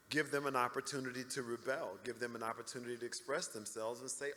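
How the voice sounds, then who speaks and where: Middle-aged male panel guest, bright animated storyteller, big hall echo. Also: mid-range voice, fast talker. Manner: animated storyteller acting out quoted people. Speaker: interview guest. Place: large convention hall. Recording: reverberant hall.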